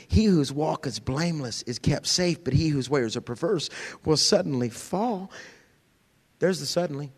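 A middle-aged man preaching in a church, his voice sitting a little high. He swings from loud, excited outbursts to soft, hushed whispers. He plays out quoted voices with a comic flair. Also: big-room sound. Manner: acts out quoted voices with humor. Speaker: pastor. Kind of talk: sermon. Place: church sanctuary.

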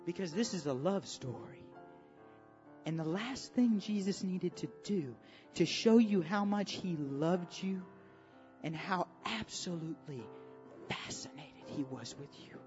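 Preacher for a church service: lively, swinging pitch, moves from near-whispers to shouts, repeats lines for effect; dull lo-fi audio, soft music underneath. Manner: dramatic storytelling, swinging from hushed to shouting; repeats phrases for emphasis. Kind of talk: sermon. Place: church service with worship team.

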